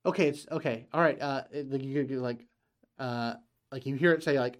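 A man's voice: mid-range voice, fairly quick. A man running a tabletop game as game master, hesitant with many fillers.

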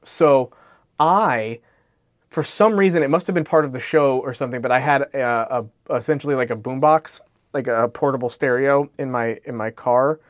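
A man's voice: mid-range voice, moderate pace, no echo, studio quality. A man co-hosting a podcast, telling a long story in a casual, rambling way and often correcting himself. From Alaska.

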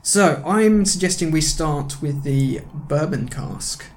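A man's voice: a little high, lively intonation, slow pace, slight background noise. A man hosting a casual podcast, chatty and teasing, correcting his co-host as they talk. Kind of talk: casual chat.

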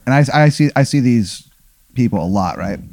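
A man co-hosting a comedy podcast, quick to react, laughing and quibbling in casual chat. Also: mid-range voice, lively intonation, vocal fry, a little mellow, no room sound, studio quality. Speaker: podcast co-host.

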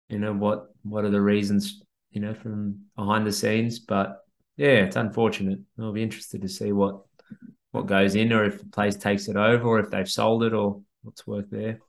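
A young man with a lowish voice, talking easily and casually. He hedges a lot and drops "like" into nearly every sentence. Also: level tone, normal speed, vocal fry. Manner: laid-back, hedging, lots of "like". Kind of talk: casual chat.

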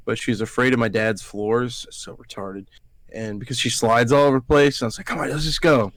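A man's voice: medium pitch, fairly quick. A man hosting a podcast, telling a rambling story in casual chat, swearing freely. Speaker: podcast host.

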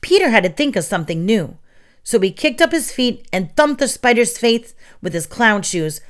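A woman reading children's stories aloud in an expressive, dramatic way. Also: on the high side, moderate pace. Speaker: storyteller.

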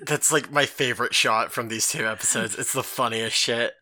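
A man's voice: medium pitch, normal speed, pushed and bright. A man in casual podcast chat, reacting with enthusiasm and firm emphasis.

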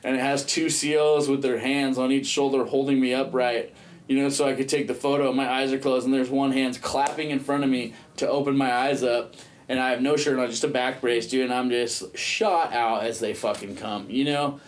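A man's voice: medium pitch, steady tone, moderate pace. A man casually telling a long, profane story, peppering it with "dude" and "you know what I mean".

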